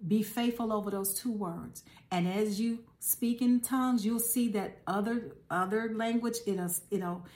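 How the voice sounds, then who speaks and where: A woman's voice: mid-range voice, darkish tone. A woman preaching in a conversational podcast style, earnest and exhorting, repeating key phrases and calling her listeners baby and guys.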